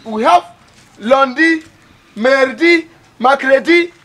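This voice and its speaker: A man's voice: extremely high pitch, slow, fairly bright tone, heavily acted. Man playing a scolding school owner. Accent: Ghanaian. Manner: scolding, disbelieving. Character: exasperated school proprietor man. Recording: noisy recording.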